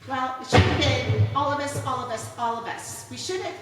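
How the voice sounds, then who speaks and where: A woman's voice: high-pitched, brisk, over loud music. A woman who reads tarot cards, giving ranting commentary and scolding her listeners with rhetorical questions. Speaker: tarot reader. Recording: echoey room, far from mic, noisy.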